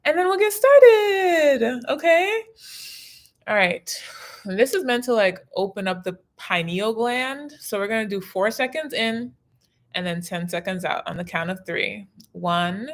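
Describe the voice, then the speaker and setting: A woman's voice: medium pitch, moderate pace, fairly bright tone. Annoyed woman venting on a livestream. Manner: frustrated and venting, then guiding a breathing exercise. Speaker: livestream host. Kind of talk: casual livestream talk.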